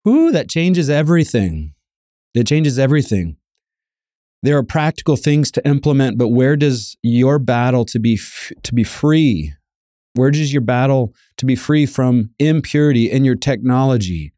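A man's voice: mid-range voice, animated, moderate pace, warm tone, no echo, studio quality. A man preaching a sermon, earnest and emphatic, repeating key lines and reading scripture aloud.

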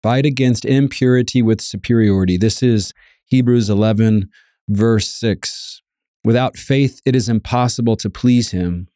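Male preacher, low and mellow, earnest and emphatic sermon delivery. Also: dry recording, clean studio sound. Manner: earnest, emphatic, repeats key lines; reads scripture aloud.

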